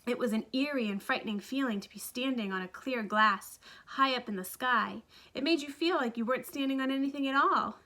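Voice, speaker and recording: A woman reading a children's book aloud with lively, expressive narration. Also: high voice, fairly quick, hardly any pauses. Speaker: storybook reader.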